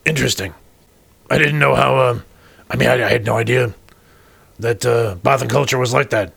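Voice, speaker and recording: A man playing a wary male starship crewman in a tabletop role-play, talking in a halting way with many stammers and restarts. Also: medium pitch, creaky, fairly bright tone, breathy edge, no echo, heavily acted. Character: wary male starship crewman, private about his mother.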